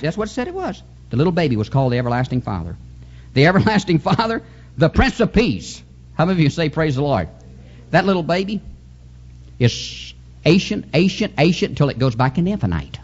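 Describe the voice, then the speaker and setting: A man preaching a fervent Pentecostal revival sermon, swinging his pitch and chuckling as he goes. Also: muffled recording. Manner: fervent, sing-song preaching with sudden pitch jumps and chuckles.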